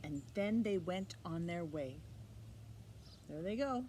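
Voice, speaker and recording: A woman librarian reading a picture book aloud to children, expressive and animated, pausing for little asides to the listener. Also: lowish voice, slight background noise. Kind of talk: storytime read-aloud for children.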